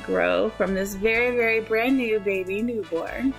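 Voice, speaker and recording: A woman's voice: mid-range voice, a little slow, gravelly, faint music behind, rough recording. A woman giving casual, chatty commentary while playing a life-simulation game, full of fillers and giggles. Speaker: gaming youtuber.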